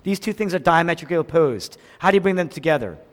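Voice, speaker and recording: A man preaching a sermon, swinging from loud cries down to hushed, near-whispered lines. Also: on the high side, lively intonation, fast talker. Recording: long hall reverb.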